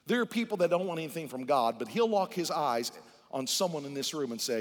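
A male pastor preaching a fervent sermon to his church, talking straight to the congregation and swinging between hushed and loud. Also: fairly high pitch, animated, brisk. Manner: addresses the congregation directly. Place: church sanctuary. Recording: long church-hall reverb.

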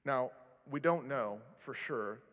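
A male pastor preaching a sermon, telling stories with animated delivery and self-deprecating humor. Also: medium pitch, takes it slowly. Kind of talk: sermon with storytelling. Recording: long reverb of a large hall.

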